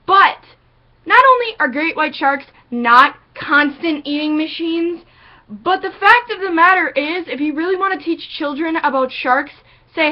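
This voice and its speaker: High-voiced, sarcastic woman ranting. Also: a little slow, dull audio. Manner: sarcastic, profane, animated ranting. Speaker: vlogger. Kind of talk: ranting vlog monologue.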